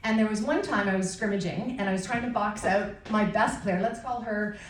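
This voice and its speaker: A middle-aged woman performing a stand-up routine, telling stories in an animated, self-mocking way on a comedy club stage. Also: mid-range voice, a little fast, slight background noise. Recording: distant mic in an echoey room with a loud crowd. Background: audience laughter and cheers.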